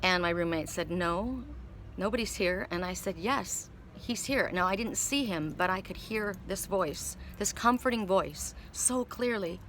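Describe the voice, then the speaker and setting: A woman's voice: on the low side, normal speed, fairly bright tone, a little hiss or hum. A middle-aged woman who reads tarot cards, telling a personal story in a rambling, emotional way with many repeated words. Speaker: tarot card reader. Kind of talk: casual spoken storytelling.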